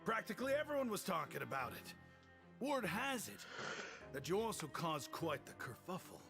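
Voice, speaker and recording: A sly, smooth-talking informant for a video game, always angling to sell juicy rumors. His voice sits a little high and swings lively up and down, with a gravelly edge. Clear game music plays underneath. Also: normal speed, exaggerated voice. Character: sly gossiping male informant, smooth talker. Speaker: game character.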